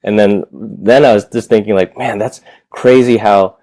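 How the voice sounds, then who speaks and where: A man's voice: on the low side, fairly even intonation, moderate pace, warm tone, no room sound. A man in his thirties, a gym owner telling his story in a loose, rambling way, with casual swearing. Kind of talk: casual interview chat.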